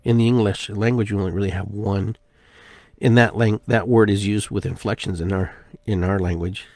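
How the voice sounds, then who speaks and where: A man hosting a spiritual podcast, talking in an unhurried, musing way and repeating phrases with shifting inflection. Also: fairly low pitch, fairly even intonation, darkish tone, no room sound. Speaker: podcast host. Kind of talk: reflective spiritual monologue.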